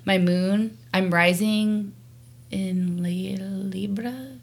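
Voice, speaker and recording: A young woman co-hosts a casual chat show, her voice bright and clear. She rambles, laughs easily and keeps things light. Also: mid-range voice, lively intonation, normal speed. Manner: giggly, rambling and chatty. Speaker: podcast co-host.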